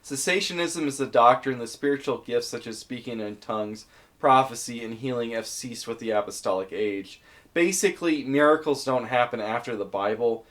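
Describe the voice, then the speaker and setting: A man of ordinary pitch talks through a list of topics in a relaxed commentary voice. He thinks aloud as he goes, with small fillers and restarts. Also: moderate pace. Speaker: video essayist.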